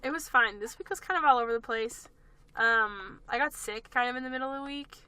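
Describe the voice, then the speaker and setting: A woman's voice: on the high side, a little fast, clean tone. A young woman co-hosting a podcast in casual chat, a little congested from a recent cold, telling stories with lots of likes and acted-out asides. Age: young adult. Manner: chatty and animated, full of likes and acted-out asides. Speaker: podcast co-host.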